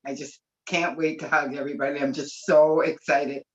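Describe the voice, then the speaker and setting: A woman's voice: low-pitched, level tone, normal speed. A woman speaking on a video call, rambling and gushing with emotion. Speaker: webinar participant. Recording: dull lo-fi call audio.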